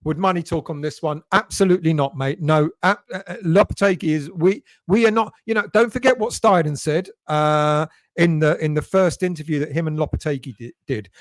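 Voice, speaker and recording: A man's voice: a little high, fairly quick, dry recording, studio quality. Chatty man reading live chat. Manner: chatty, greets viewers by name. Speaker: fan channel host reading live chat. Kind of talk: casual live-stream chat.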